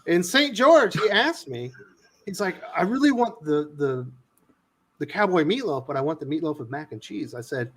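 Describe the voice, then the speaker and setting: Male host, animated storyteller, high and very lively delivery for a casual panel show. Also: moderate pace. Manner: animated storyteller, swears, acts out quotes loudly. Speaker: host of a comics news livestream.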